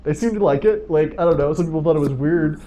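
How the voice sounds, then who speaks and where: A man's voice: on the high side, fast talker, mellow, a little hiss or hum, poor audio. A young man hosting a casual interview, talkative and trailing off with "like" and "I don't know.". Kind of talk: casual conversation.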